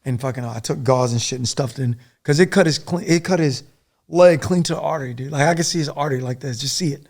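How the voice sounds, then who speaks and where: Middle-aged male guest: rapid, gravelly, profane storyteller, animated and rambling. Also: mid-range voice. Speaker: podcast guest, former soldier. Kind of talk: casual war storytelling.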